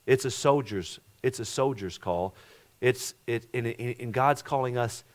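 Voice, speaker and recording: A middle-aged man, a pastor, preaching a sermon that swings between loud emphatic passages and hushed ones, often repeating words and asking the congregation questions. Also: mid-range voice, a little slow.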